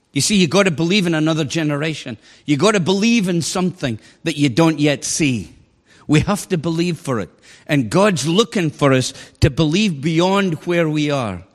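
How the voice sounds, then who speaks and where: A man in his sixties with a high voice preaches to a congregation. His delivery is animated and exclamatory, full of laughter. The sound rings with the long reverb of a large hall. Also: moderate pace. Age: 60s. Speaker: pastor. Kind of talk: sermon.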